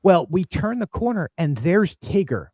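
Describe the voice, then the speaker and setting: A podcast host, a man with a fairly high voice, tells stories in an excitable, animated way and jumps up into loud acted-out quotes. His voice is recorded close and dry, with no room sound. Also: moderate pace, no echo. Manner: excitable, acts out quotes with big jumps in pitch. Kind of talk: animated storytelling chat.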